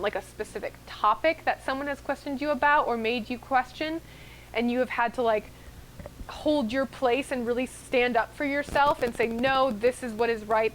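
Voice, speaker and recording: A woman's voice: a little high, a bit bright, a little hiss or hum, poor audio. A woman co-hosting a casual stream, giving a love tarot reading and explaining the cards chattily.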